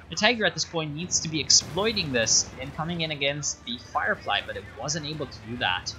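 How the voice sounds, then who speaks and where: A man's voice: on the high side, animated, a little fast, few pauses, noisy background. A man casting a strategy game replay in a sarcastic, rambling way, full of fillers and asides. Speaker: game caster. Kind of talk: casual game commentary.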